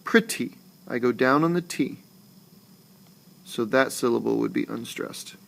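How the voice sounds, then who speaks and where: A man teaching a recorded lesson, talking slowly and deliberately and saying example words aloud more than once. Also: medium pitch, creaky, a little hiss or hum. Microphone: screencast voice-over.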